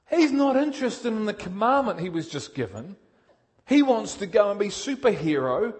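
A male preacher with a fairly high voice, delivering a sermon with energy. He questions his congregation directly and swings from loud, pushed emphasis to quiet intensity. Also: very animated, normal speed.

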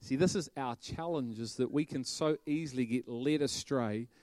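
Animated male preacher with a dry sound. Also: mid-range voice, moderate pace, no echo. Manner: animated, bursts into loud shouting and laughter. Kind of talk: sermon.

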